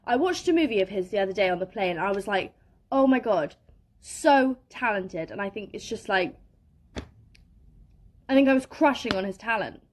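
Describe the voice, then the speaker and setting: A woman's voice: medium pitch, normal speed, long pauses. A woman gushing in a casual interview. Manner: gushing, animated.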